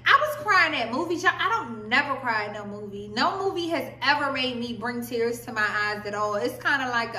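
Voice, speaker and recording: A young woman with a high, bright voice chats casually through vlog advice, calling her viewers "y'all". She sits a little back from the mic, and the room around her rings with echo. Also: expressive, normal speed, few pauses, a little hiss or hum. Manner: chatty, addresses viewers as y'all. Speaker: vlogger. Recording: echoey room, voice a bit far from mic.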